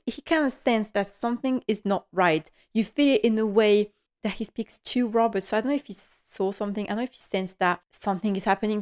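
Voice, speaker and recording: Woman giving an emotional, animated recap. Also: medium pitch. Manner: animated and emotional, with nervous laughter. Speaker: podcast host. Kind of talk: casual episode recap.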